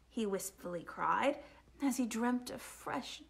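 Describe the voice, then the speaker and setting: A woman reading a rhyming children's picture book aloud, expressive and sing-song, sometimes dropping to a whisper. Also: fairly high pitch, takes it slowly, gravelly. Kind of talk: storytime read-aloud.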